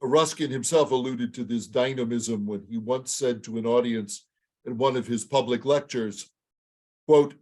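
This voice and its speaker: A man with a raspy, congested voice from allergies, delivering a measured prepared lecture. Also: mid-range voice, warm tone. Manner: measured, reads quotations aloud.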